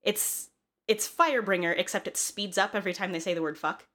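A woman's voice: mid-range voice, a little fast, a bit bright. Chatty woman with lots of fillers. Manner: laughs often, frequent fillers. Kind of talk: casual chat.

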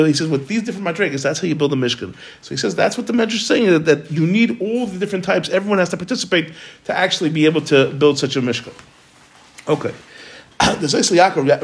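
A man leads an informal Torah lesson at a brisk clip, his voice pitched slightly above the usual male range. He restarts sentences often and weaves Hebrew and Yiddish terms into his English explanations. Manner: rapid, repeats and restarts words, sprinkles Hebrew and Yiddish terms. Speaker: Torah teacher.

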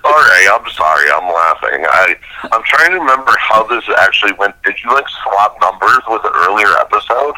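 A man co-host with a lowish voice jokes and teases in casual banter, swearing now and then. His tone is very bright and his pitch swings a lot. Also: moderate pace, rough recording. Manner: teasing, swears, lively banter. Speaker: podcast co-host. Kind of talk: casual chat.

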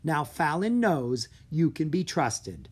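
A storybook narrator voicing a calm, clever young girl. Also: mid-range voice, slow pace, slightly rough, exaggerated voice. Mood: earnest. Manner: urgent when warning.

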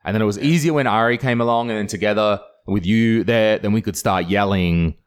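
Casual Estonian-accented man, low voice. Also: a little fast. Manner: swearing, animated storytelling with loud put-on shouts. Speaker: comedian podcast host. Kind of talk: casual chat.

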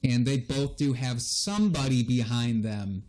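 A man's voice: medium pitch, unhurried, a little mellow. A young man hosting a casual podcast, teasing his co-host and laughing often as he asks questions.

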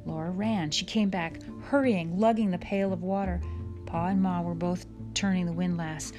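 A woman narrating an audiobook chapter in a measured, soft storytelling manner. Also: lowish voice, steady tone, soft background music. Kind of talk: audiobook reading.

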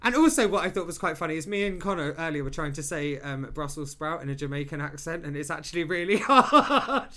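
Chatty podcast host. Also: male voice, on the high side, lively intonation, brisk, hardly any pauses, sharp tone. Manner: chatty, laughs often, reads trivia out. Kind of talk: casual podcast chat.

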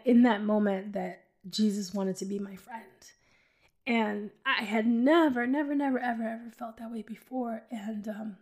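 A woman giving a casual personal faith testimony as a podcast host, rambling and joking with frequent laughs. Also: fairly high pitch. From New York City. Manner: rambling, joking, laughs often between phrases.

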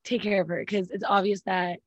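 A woman co-hosting a casual celebrity gossip chat, animated and full of "like", acting out quoted reactions. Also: medium pitch, a little fast, no echo, highs cut off. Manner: animated, says "like" a lot, acts out quoted reactions. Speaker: podcast co-host.

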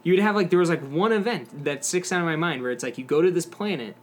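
A man's voice: on the high side, fast. A young man co-hosting a podcast, rambling casually about a video game with lots of fillers and swearing. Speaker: podcast co-host. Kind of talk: casual gaming chat.

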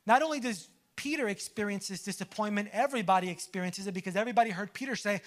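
A man with a notably high voice preaches a sermon. He talks to the congregation like friends, tossing out jokes and quick questions between scripture points. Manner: conversational preaching with humorous asides and audience questions. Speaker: pastor.

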